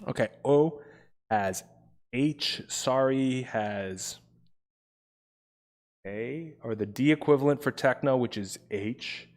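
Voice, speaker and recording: Young male online tutor, casual streamer delivery, relaxed and talkative. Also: medium pitch, slow pace, pauses often. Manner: casual, chatty, talks to chat as "bros". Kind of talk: live-streamed study session.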